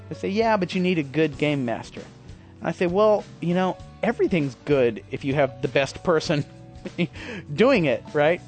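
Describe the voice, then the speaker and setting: A man talking through a casual podcast monologue, rambling and poking fun at himself, with a voice pitched a bit higher than most men. He swears freely as he goes, and faint music sits under his voice. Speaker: podcast host.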